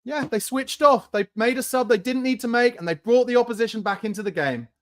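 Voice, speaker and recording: A man's voice: very high voice, fairly quick. A man hosting a live fan watchalong, giving play-by-play and angry, swearing rants about his team. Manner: angry, swearing, shouts in bursts. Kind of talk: live match reaction and commentary.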